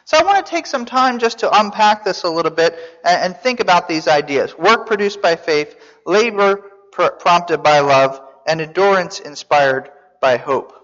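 A man's voice: high-pitched, expressive, moderate pace, hardly any pauses, fairly bright tone. A man teaching a Bible sermon as a pastor, conversational, asking his listeners questions with some restarts. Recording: dull sound in a reverberant hall.

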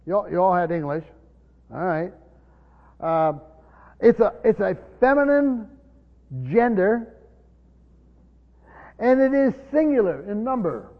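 A man's voice: sing-song, slow, pauses often. A man preaching a Bible-teaching sermon in a teacherly way, often repeating words as he explains. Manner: teacherly, repeats words, drops low for scripture. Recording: dull recording in a long-reverb hall.

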